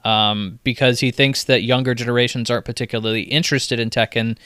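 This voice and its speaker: A man's voice: medium pitch, steady tone, fast talker, a bit bright, clean tone, no room sound, studio quality. A man co-hosting a casual gaming podcast, wry and joking as he talks things over with friends. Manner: wry, joking, slips into mock grumpy voices. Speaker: podcast co-host.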